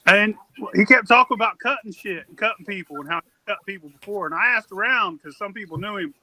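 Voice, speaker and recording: A man's voice: high-pitched, fast, sharp tone, poor audio. A man telling a long, rambling, profane story on a casual podcast.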